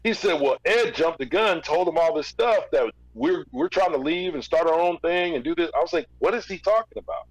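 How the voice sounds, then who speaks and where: A middle-aged former record label executive, appearing as a guest on a podcast, tells a story in a casual interview, voicing both sides of each exchange as quoted back-and-forth dialogue. His voice is a little high, at a moderate pace with few pauses, and he often restarts sentences and repeats words. The audio is poor but has no echo.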